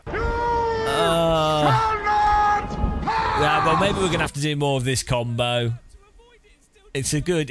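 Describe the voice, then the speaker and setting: A man's voice: on the high side, a bit bright, smooth. A man streaming a sim race, chatting casually and breaking into long fits of self-mocking laughter. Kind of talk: casual live-stream commentary.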